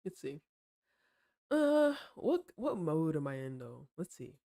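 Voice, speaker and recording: A woman streamer chatting casually and critiquing art, playful and slangy, teasing her chat and explaining ideas slowly. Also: deep voice, very animated, mellow. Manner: explains slowly and repeats herself while drawing.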